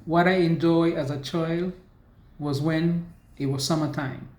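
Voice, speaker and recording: Woman, personal testimony, halting with restarts, roomy echo. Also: deep voice, fairly even intonation, a little mellow. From US Virgin Islands. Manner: halting, with restarts and slow emotional stretches. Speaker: survivor sharing her story.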